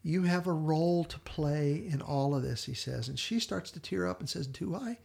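Gravelly guy on a podcast, kinda high voice, animated retelling of a show, quoting the characters. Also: normal speed. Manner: animated storyteller, quotes characters in brief voices, laughs often. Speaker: podcast co-host. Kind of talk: casual retelling of a TV episode.

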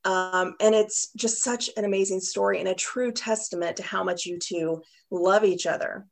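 A woman's voice: mid-range voice, steady tone, moderate pace, vocal fry. A woman host of a podcast interview, speaking with emotion and on the edge of tears as she praises her guest. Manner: emotional, warm-hearted praise, near tears.

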